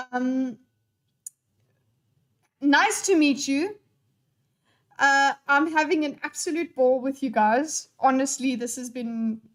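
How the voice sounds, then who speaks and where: A young woman live-streaming and chatting with her audience in a scattered, playful way and swearing freely. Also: high-pitched. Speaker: live streamer reading chat. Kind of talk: unscripted live-stream chat.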